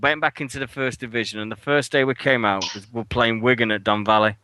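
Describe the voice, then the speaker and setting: A man co-hosting a radio show, telling an animated story with swearing and sudden jumps in pitch when he acts out his outrage. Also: quick pace, clean tone, no echo, low-quality recording. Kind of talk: casual storytelling chat. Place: radio studio.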